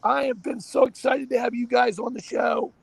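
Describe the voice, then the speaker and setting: A man hosting a casual talk show, talking in an animated, emphatic way and often repeating himself. His voice sits very high and sounds gravelly and husky. The sound is dry and close. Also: moderate pace, no echo. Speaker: show host.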